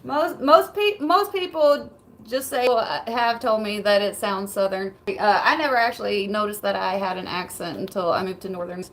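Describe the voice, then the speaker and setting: A woman's voice: mid-range voice, normal speed, rough recording. A woman streamer in casual livestream chat, laid-back, swearing freely and laughing often as she reads messages.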